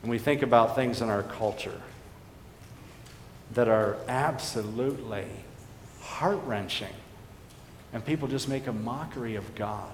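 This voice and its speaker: A man delivering an earnest sermon in a church sanctuary, his voice ringing with a long, echoey hall reverb. He swings between emphatic declarations and hushed, solemn asides, over a faint hiss of background noise. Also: mid-range voice, measured pace, pauses often. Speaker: pastor.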